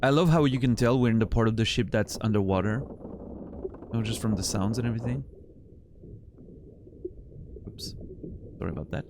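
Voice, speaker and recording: A man's voice: on the low side, normal speed, pauses often. Tired man chatting over noise. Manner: rambling, teasing viewers. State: tired, yawning. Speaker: streamer. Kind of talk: casual chat while playing.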